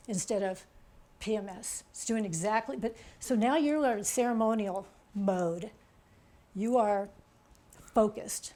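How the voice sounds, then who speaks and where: A woman author giving a chatty, animated presentation to an audience, pointing things out on a chart and checking in with "okay?". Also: on the high side. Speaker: author giving a public talk.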